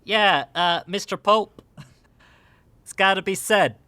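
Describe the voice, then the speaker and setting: A man's voice: high voice, slow pace, bright, forceful tone, no echo, heavily acted. A man voicing a tough male gangster with a put-on Boston accent and old-school mobster bluster. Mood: menacing. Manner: threatening in a jokey tough-guy way.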